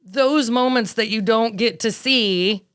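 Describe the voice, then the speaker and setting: Smooth-voiced woman telling lively stories. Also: on the high side, takes it slowly, no room sound, clean studio sound. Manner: lively, animated storytelling. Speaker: wedding planner guest. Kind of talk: casual podcast interview storytelling.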